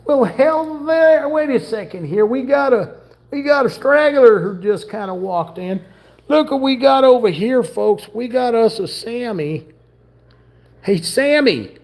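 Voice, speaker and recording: A man voicing a folksy Old West cowboy with a drawl, talking high and slow. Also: lively intonation, darkish tone, exaggerated voice.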